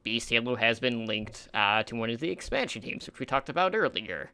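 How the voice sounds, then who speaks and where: A man's voice: medium pitch, animated, a little fast, sharp tone, clear, resonant tone, no room sound. A man hosting an esports talk show in a casual, rambling way, with lots of fillers, and he stumbles over player names. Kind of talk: casual esports podcast chat.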